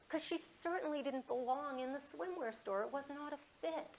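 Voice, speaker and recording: A woman in her fifties, a motivational speaker telling a personal story in a conversational, animated way. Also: high-pitched, fairly quick, few pauses, dull audio. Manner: conversational, animated, acts out dialogue.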